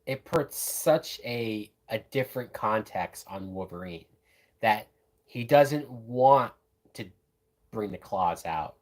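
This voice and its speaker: A man's voice: fairly low pitch, expressive, slow, darkish tone. A man hosting a live watch-along, giving casual, profane, enthusiastic commentary on a film as it plays. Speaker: movie reaction host.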